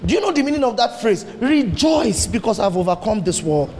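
A man preaching a sermon, animated and swinging his pitch up and down as he fires rhetorical questions at the congregation. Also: a little fast, very noisy. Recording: long hall reverb, faint ambience.

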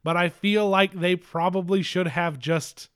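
A man's voice: sits high, steady tone, unhurried, smooth. Rambling, cursing man on a podcast. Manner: rambling, profane, mocks others in quoted voices. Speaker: podcast co-host. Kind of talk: casual chat.

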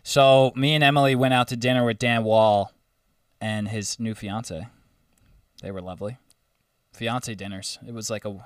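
A man's voice: lowish voice, steady tone, moderate pace, clear, resonant tone, dry recording, far from the mic. A young man chatting casually as a co-host, rambling through a story with loose, profane asides. The sound is dry with little room, and he sits a bit back from the mic. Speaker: podcast co-host. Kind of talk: casual chat.

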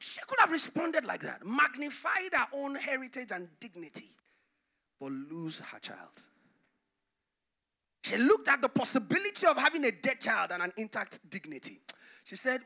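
Man, pastor, sermon, high lively voice, dramatic loud-to-hushed delivery. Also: normal speed, gravelly.

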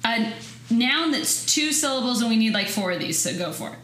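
A woman's voice: fairly high pitch, lively intonation, normal speed. A woman hosting a podcast, leading a casual word game with an upbeat, giggly manner. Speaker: podcast host. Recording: roomy echo, faint noise.

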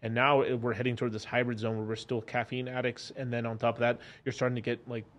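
A man's voice: medium pitch, level tone, fast talker. A man in a casual podcast chat, rambling with many fillers like "like" and "I mean" and false starts.

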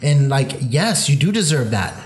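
A man's voice: medium pitch, sing-song, moderate pace. A man on a podcast in loose casual chat. He gives advice thoughtfully, circling back and restarting his sentences as he builds a metaphor. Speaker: podcast co-host.

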